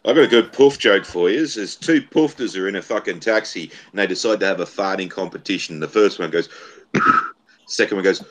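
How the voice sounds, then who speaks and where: Low-voiced man telling crude jokes. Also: fairly quick, a little hiss or hum. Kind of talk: casual group chat.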